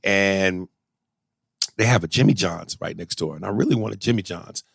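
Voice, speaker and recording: A man's voice: sits low, moderate pace, gravelly, slightly rough, no room sound. A man co-hosting a podcast, telling loose, profane stories in casual chat. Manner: profane, animated storytelling with impressions. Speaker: podcast co-host.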